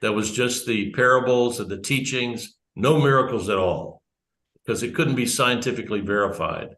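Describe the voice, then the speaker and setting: A man delivers a conversational church talk at a moderate pace, his mid-range voice a bit bright. He rambles, digresses and corrects himself while addressing a small audience in a church room, captured with a roomy echo.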